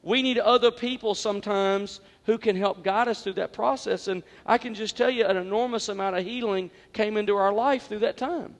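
Man preaching with a high voice. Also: normal speed, few pauses, in a large hall. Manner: conversational, heartfelt, with repetitions and restarts. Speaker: pastor. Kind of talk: sermon. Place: church sanctuary.

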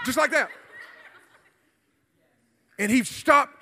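A man, preaching a youth sermon and telling a story with energetic, shouted bursts. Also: very high voice, measured pace, pauses often. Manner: animated, shouting during the retold confrontation. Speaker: youth pastor. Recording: hall reverb.

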